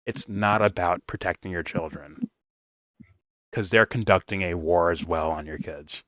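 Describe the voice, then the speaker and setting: A man's voice: low-pitched, measured pace, fairly bright tone, no room sound. A man giving a casual review, talking bluntly and swearing freely. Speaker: film reviewer. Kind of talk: casual commentary rant.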